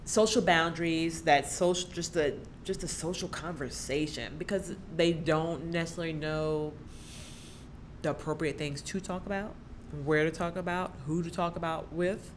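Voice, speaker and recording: A woman's voice: deep voice, steady tone, moderate pace, slight background noise. A woman, a special education teacher speaking as a podcast guest, talking animatedly and laughing often. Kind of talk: conversational podcast interview.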